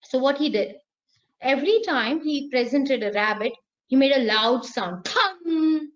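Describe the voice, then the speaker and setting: Woman, high voice, lively online lecturer, slightly muffled recording. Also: normal speed. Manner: lively, playful, acts out sounds and voices. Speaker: teacher trainer.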